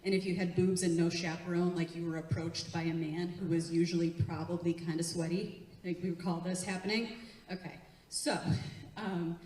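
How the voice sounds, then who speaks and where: A woman's voice: fairly low pitch, darkish tone. Chatty woman comic in echoey theatre. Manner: chatty, laughs often, works the crowd. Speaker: stand-up comedian. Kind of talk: live stand-up set. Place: theatre stage before an audience. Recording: echoey room, heard from a distance.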